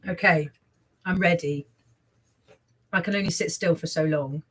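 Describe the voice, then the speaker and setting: A woman getting her hair cut at a barbershop, answering with dry, short, deadpan replies. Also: on the low side, unhurried, a little hiss or hum, rough recording. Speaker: customer getting a haircut.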